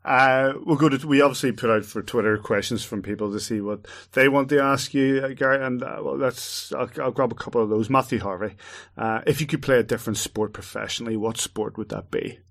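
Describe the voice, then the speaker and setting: A man's voice: medium pitch, fairly even intonation, a little fast, creaky, few pauses, a bit bright. A man hosting a podcast, reading fan questions in a chatty way with stumbling restarts. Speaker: podcast host. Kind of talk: casual podcast interview.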